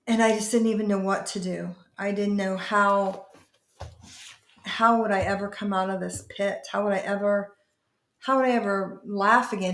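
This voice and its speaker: A woman pastor telling her personal testimony in an interview, earnest and emotional, often halting and restarting. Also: medium pitch, fairly even intonation, reverberant.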